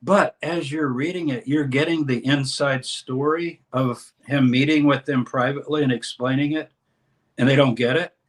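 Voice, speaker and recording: A man speaking as a guest scholar in an interview, explaining a text with lively emphasis and reading passages aloud. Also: medium pitch, moderate pace. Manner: animated, reads scripture aloud with dramatic emphasis. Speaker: scholar and course teacher, guest.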